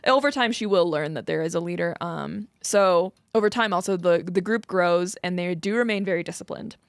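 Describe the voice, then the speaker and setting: A woman's voice: on the low side, brisk, smooth, no echo. Chatty woman podcaster, dry close mic. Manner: chatty, laughs often, many fillers. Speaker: podcast co-host presenting research. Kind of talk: casual storytelling chat.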